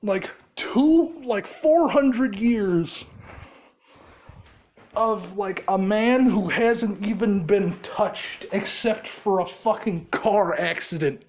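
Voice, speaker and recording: Give me a slow, animated storyteller rambling with fillers, profanity and laughter. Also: medium pitch. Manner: rambling, heavy swearing, frequent laughter and filler words. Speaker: fan storyteller. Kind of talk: casual storytelling of a fan scenario.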